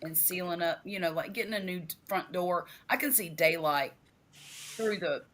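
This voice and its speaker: Low-voiced woman chatting casually. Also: normal speed, fairly bright tone. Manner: chatty, trails off with fillers. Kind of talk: casual chat.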